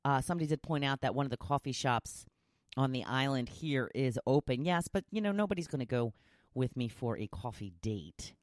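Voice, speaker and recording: Woman podcast host, animated pitch, dry close sound, chatty and self-teasing, encouraging. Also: fairly quick, dry recording. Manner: chatty and self-teasing, jokes and laughs at herself; encouraging, motivational. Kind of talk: casual solo podcast monologue.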